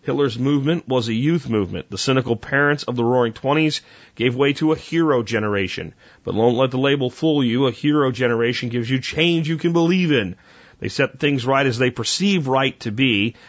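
Male podcast host, conversational read with deadpan sarcasm, medium pitch, slightly muffled recording. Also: a little fast. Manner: conversational, with small slips and corrections. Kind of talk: reading history notes with wry asides.

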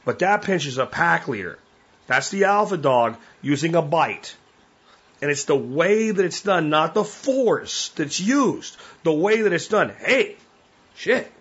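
A man's voice: mid-range voice, a bit bright, breathy edge, dull audio. A man hosting a podcast, talking casually and bluntly in a folksy way, often acting out what his dog is thinking. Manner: blunt, folksy, acts out his dog's thoughts. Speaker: podcast host. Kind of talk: casual monologue. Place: at home with his dog beside him.

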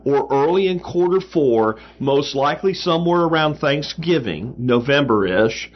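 A man's voice: on the high side, expressive, moderate pace. A man hosting a show talks casually through listener mail. He uses plenty of fillers and breaks into emphatic asides. The recording is a bit dull and lo-fi. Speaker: podcast host. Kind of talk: casual advice talk answering listener mail.

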